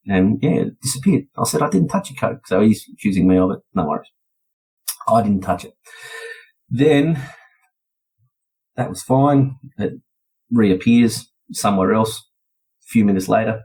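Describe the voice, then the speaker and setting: Husky Australian man telling a story. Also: lowish voice, a little slow, long pauses, mellow, low-quality recording. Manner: chatty, laid-back, slips into voices when quoting. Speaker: podcast guest. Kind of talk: casual storytelling.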